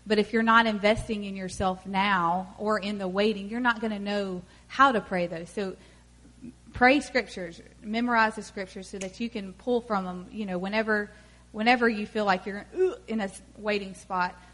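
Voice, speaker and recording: Woman co-speaker, relaxed conversational sermon delivery. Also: mid-range voice, moderate pace. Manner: chatty and relaxed, many fillers like "you know". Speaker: co-speaker in a church talk.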